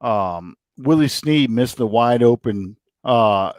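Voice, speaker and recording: A middle-aged man co-hosting a casual sports chat from home, rambling and excitable as he tells his stories. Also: medium pitch, slow, no room sound. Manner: excitable, rambling, animated storyteller. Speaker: podcast co-host. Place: home, room with a TV.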